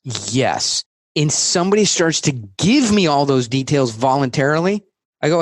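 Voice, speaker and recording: Man, podcast guest, emphatic, punchy, somewhat high voice, dry close sound. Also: animated, no room sound. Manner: emphatic, rapid-fire, role-plays sales talk. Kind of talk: podcast interview.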